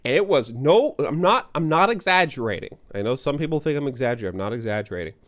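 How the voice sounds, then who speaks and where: Rambling male streamer, lively pitch. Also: fast talker. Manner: rambling, self-deprecating, chats with viewers. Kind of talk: casual gaming stream chat.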